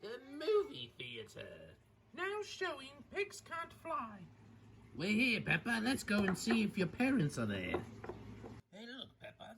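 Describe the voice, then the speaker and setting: A woman's voice: on the high side, slight background noise. A young woman playing pretend with toys, switching playfully between character voices.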